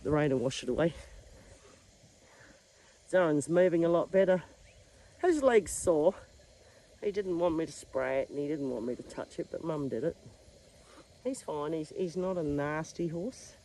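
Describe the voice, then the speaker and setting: A woman's voice: sits low, dark tone, poor audio. A middle-aged woman with an Australian accent, chatting down-to-earth as she works outdoors on her farm, filming on a handheld phone. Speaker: farm vlogger. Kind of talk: casual vlog narration.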